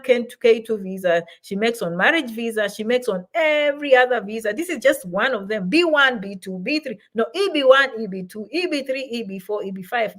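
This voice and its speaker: A middle-aged woman with a slightly high voice hosts a relaxed livestream, warmly reading viewers' comments aloud and answering their questions.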